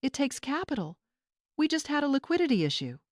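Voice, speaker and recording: A woman's voice: high voice, big pitch swings, a little fast, darkish tone, no room sound, studio quality, pitched above the performer's own voice. A woman voicing a stammering defensive young wife. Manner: stammering, pleading.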